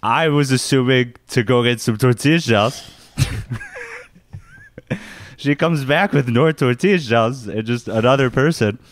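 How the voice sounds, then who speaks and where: A man's voice: medium pitch, unhurried, long pauses, slight background noise. A young man co-hosting a podcast, telling a story in casual chat, laughing often and swearing freely. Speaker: podcast co-host.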